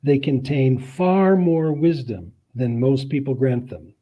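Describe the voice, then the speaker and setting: A man as a guest on a podcast, talking casually and telling jokes slowly and dryly. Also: mid-range voice, dull audio. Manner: slow, dry joke-telling. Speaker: guest scholar. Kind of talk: casual interview chat.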